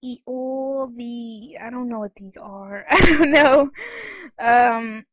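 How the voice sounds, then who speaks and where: A woman giving casual, excitable commentary while playing online games, often giggling and squealing. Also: on the high side, takes it slowly, no echo, low-quality recording. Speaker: gaming channel host.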